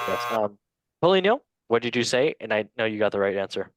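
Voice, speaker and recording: A man's voice: fairly low pitch, big pitch swings, brisk, noisy background. Playful man hosting a quiz. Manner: joking, playful, stumbling over names. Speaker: quiz master. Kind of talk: casual podcast quiz hosting.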